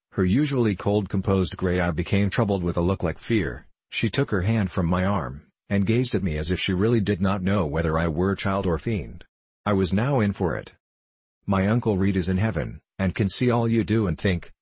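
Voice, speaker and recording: A man reading a classic novel aloud as scripted narration, in a measured, steady way. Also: deep voice, husky, no room sound. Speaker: audiobook narrator.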